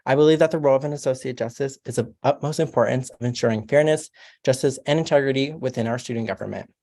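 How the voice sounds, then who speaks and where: A man's voice: mid-range voice, warm tone. A young man, a college sophomore, giving a prepared, earnest speech as a candidate for a student court seat. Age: young adult. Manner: formal, measured and earnest.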